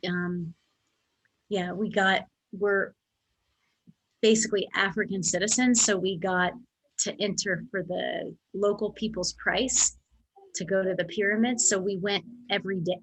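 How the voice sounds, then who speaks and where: A woman's voice: mid-range voice, slightly rough, poor audio. A woman in her forties telling a travel memory in a casual, emotional way, often restarting her sentences. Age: 40s. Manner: excited, emotional storytelling with many restarts. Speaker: guest sharing a story. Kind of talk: casual spoken recollection.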